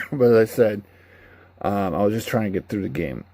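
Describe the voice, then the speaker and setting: A man's voice: fairly low pitch, huge pitch swings, normal speed, a little mellow, no room sound. A man giving a casual, rambling, candid spoken review of a video game. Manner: rambling, candid, laughs at his own retellings.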